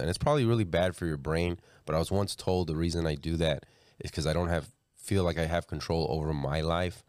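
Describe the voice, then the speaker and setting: A very deep-voiced man chatting on a podcast, crude and animated, breaking into quick impressions of other people. The sound is close and dry, with no room echo. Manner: animated storytelling, mimics people; crude, laughs often. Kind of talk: casual podcast chat.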